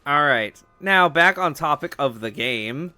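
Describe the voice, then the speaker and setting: Bright, clear young man rambling over gameplay. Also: fairly high pitch, expressive, unhurried, no room sound, faint music behind. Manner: rambling, swears freely, many fillers. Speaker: let's play host. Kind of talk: casual gameplay chat.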